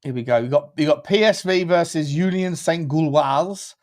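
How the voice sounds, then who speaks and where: A man's voice: fairly high pitch, normal speed, darkish tone. A man co-hosting a casual football chat show, telling rambling, chatty stories. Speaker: co-host.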